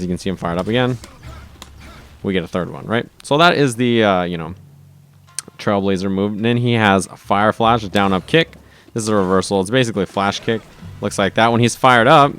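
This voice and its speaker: A man casually explaining a fighting game character's moves over gameplay, upbeat and full of quick asides and "right?". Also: on the low side, clean tone. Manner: casual, enthusiastic, frequent "right?" and restarts. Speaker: fighting game video host. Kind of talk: gameplay commentary tutorial.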